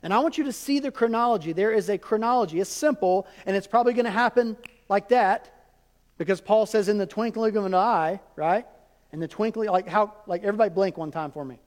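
A man preaches to his congregation, keeping it conversational with asides and questions to the pews. His voice sits high for a man, and it rings out with the long reverb of a church hall. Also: a little fast, a little mellow. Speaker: pastor. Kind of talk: sermon. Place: church sanctuary.

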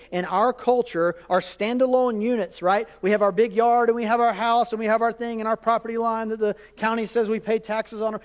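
High-voiced man preaching in a hall. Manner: animated, conversational preaching with frequent "okay?" check-ins. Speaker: pastor. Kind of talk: sermon. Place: large church hall. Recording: hall reverb.

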